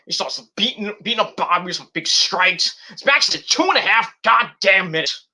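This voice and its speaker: A man casually recapping a wrestling show in a vlog, animated and swearing freely as he acts out what people said. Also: high voice, normal speed.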